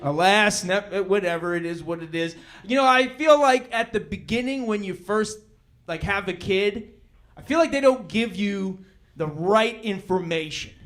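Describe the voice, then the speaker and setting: A middle-aged man doing a stand-up comedy set on a club stage into a handheld mic, telling stories in a laid-back way that breaks into shouting. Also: high-pitched, measured pace.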